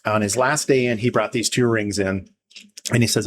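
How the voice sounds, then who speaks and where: A man's voice: on the low side, fairly even intonation, normal speed, crowd noise. Chatty man telling a story, laughing. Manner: rambling, laughs often, acts out quoted voices. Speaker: podcast guest. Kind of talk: casual storytelling chat. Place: podcast studio.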